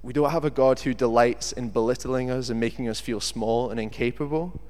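A man's voice: medium pitch, fairly quick. A man preaching a sermon and telling a story from his own life, acting out what people say. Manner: animated storyteller who acts out quotes. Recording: long reverb of a large hall.

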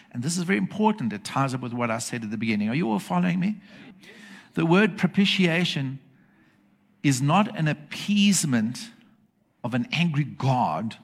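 Male preacher, mid pitch, emphatic, checks in with the congregation. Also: vocal fry. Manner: emphatic, asks the congregation for agreement. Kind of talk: sermon. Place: church with congregation.

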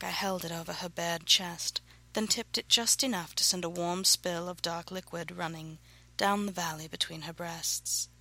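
Breathy, gravel-edged woman narrating. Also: lowish voice, dry recording, low-quality recording. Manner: soft, breathy, often whispered narration. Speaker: author reading her own novel. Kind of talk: reading erotic fiction aloud.

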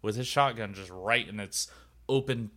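A man's voice: fairly low pitch, moderate pace, fairly bright tone. A man narrating a tabletop game as game master, talking casually and rambling with lots of filler words.

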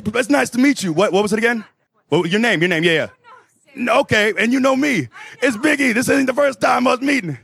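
A man, a wrestler, giving a boisterous post-match interview, hollering and mock-lecturing, his voice going hoarse. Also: very high-pitched, fairly quick, a bit bright. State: hoarse, losing voice. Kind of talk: boisterous shouting promo.

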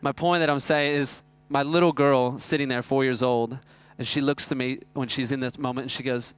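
A man, preaching a sermon that is built around a self-mocking personal story told in an animated way. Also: mid-range voice, normal speed, smooth. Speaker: pastor.

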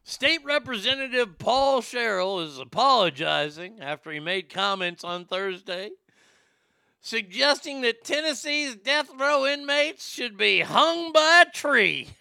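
A man's voice: extremely high pitch, sing-song, a little slow, gravelly, bright, forceful tone, clean tone, no room sound, faint music behind. A man hosting a talk show, giving casual news commentary that rambles and stammers, with crude joking asides.

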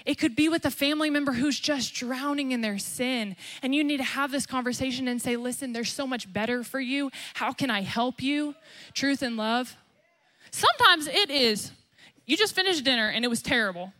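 A woman's voice: moderate pace, sharp tone. A young woman pastor preaching a sermon emphatically, acting out quotes as she goes. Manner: emphatic, acts out quotes with rising pitch.

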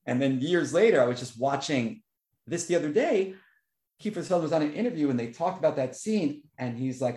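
Man, casual podcast chat, expressive storyteller, recorded in a roomy echo. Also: fairly quick. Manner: animated storyteller, voice jumps high for quoted reactions. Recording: echoey room.

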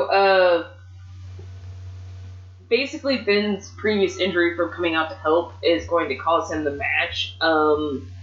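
A woman hosting a podcast, talking casually and excitedly about booking wrestling matches, swearing freely. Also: lowish voice. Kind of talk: casual chat. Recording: muffled, echoey room.

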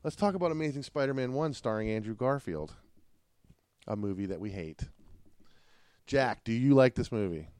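Brief: middle-aged man, mid-pitched, dad-host energy, lively and teasing, dry close sound. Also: normal speed, long pauses, no room sound. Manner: animated, joking, laughs often. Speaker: podcast host, father. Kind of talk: casual family podcast chat.

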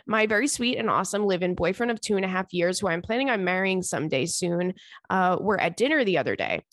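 A woman's voice: on the low side, animated, fast talker, fairly bright tone, no room sound, clean studio sound. A woman hosting a podcast, reading out listener letters and reacting in a chatty, giggly way, often breaking into laughter. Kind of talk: casual chat.

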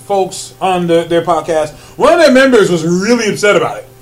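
A man co-hosting a casual podcast chat, animated, laughing often and filling pauses with ums. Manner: rises loud and high when excited. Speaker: podcast co-host.

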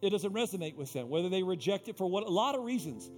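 High-voiced, fervent male preacher. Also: expressive, quick pace, soft background music. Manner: impassioned, repetitive preaching that swings from hushed to loud; talks directly to the congregation by name. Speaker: pastor. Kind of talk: live sermon. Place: church sanctuary.

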